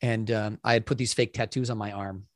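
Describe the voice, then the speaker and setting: A man's voice: lowish voice, a little fast, no echo. Chatty male podcast host, dry sound. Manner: chatty, lots of fillers, lively storytelling. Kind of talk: casual interview chat.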